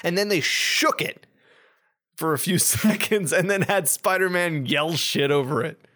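A man's voice: on the high side, unhurried, sharp tone. A man co-hosting a podcast in casual chat, ranting sarcastically with lots of swearing and acting out characters' lines. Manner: acts out character voices. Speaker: podcast co-host.

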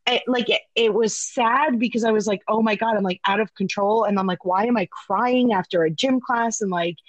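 A woman telling a personal story in casual podcast chat, animated and full of fillers, with the odd swear word. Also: medium pitch, fairly quick, no echo, lo-fi sound. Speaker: guest sharing a story.

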